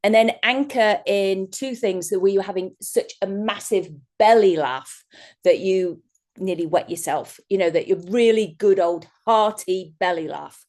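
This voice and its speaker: A woman's voice: medium pitch, a little slow, a little mellow. A woman giving a chatty, rambling workshop talk as a guest speaker over a video call, often breaking into laughter. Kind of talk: online workshop presentation.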